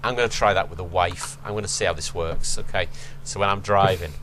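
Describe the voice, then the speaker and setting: A man's voice: deep voice, fairly even intonation, brisk, a bit bright, slight background noise. A male podcast host reading fan fiction aloud, laughing, swearing and stopping to mock the text.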